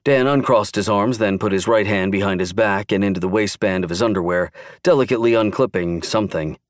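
A man narrating a thriller audiobook in steady, measured scripted narration. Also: on the low side, no echo, studio quality.

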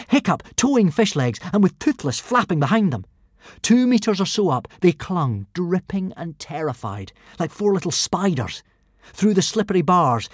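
A man narrating a children's adventure storybook in an expressive, animated reading style. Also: fairly high pitch, breathy edge, no room sound, studio quality. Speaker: audiobook narrator.

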